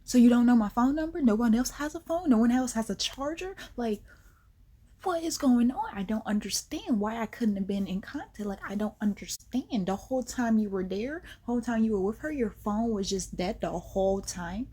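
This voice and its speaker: Husky woman telling a slangy story. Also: on the high side, moderate pace. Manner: animated and slangy, dropping into whispered asides. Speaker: vlogger. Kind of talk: casual storytime.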